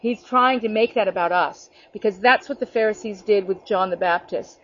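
A woman gives an earnest, conversational sermon to her online group, often restarting sentences and slipping into quoted voices. Her voice sits at an ordinary middle pitch for a woman. The audio sounds dull and lo-fi, like an online call. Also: a little fast, hardly any pauses, no echo. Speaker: preacher leading an online ministry group. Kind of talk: informal spoken sermon.

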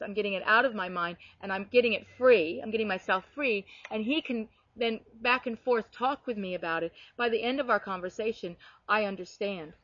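A woman telling heartfelt stories from her ministry in an animated, earnest way, often restarting her sentences. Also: medium pitch, dry recording, muffled recording. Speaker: guest sharing ministry stories. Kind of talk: earnest conversational testimony.

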